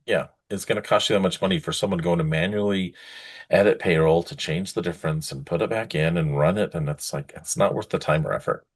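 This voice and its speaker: An easygoing man co-hosts a podcast and keeps the conversation moving. His voice is very deep and a bit husky. He chats casually with his co-hosts. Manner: easygoing, quick to laugh, steering the conversation. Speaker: podcast co-host. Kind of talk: casual chat.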